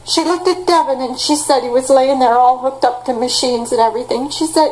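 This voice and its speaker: A woman's voice: high-pitched, fairly quick, hardly any pauses, darkish tone, rough recording. A middle-aged woman telling a rambling personal story and pleading for help in a private conversation. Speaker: caller asking for help.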